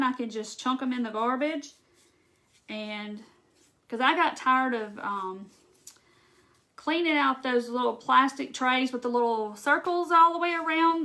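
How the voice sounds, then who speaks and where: With a fairly high pitch and a sharp tone, this woman hosts a live craft demo. She's from Mississippi, has a Southern accent, chats casually, says "y'all," and answers viewer comments by reading them aloud.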